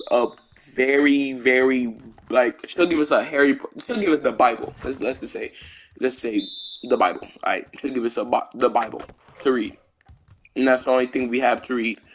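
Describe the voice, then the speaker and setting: A man's voice: mid-range voice, slight background noise. A man streaming a game who tells a childhood story in a rambling, slangy way, full of fillers and restarts. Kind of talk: casual storytelling while gaming.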